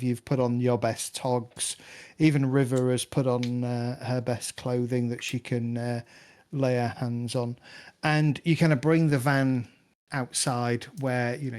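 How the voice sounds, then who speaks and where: A man with a mid-range voice narrates a tabletop game as game master, sounding relaxed and rambling with plenty of fillers.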